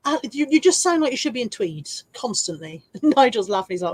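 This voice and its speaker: A woman's voice: fairly high pitch, big pitch swings, brisk, darkish tone, husky, dry recording. A woman in her forties from England, chatting casually on a livestream, reading out viewer comments, self-mocking and laughing often. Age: 40s. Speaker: reseller livestream host.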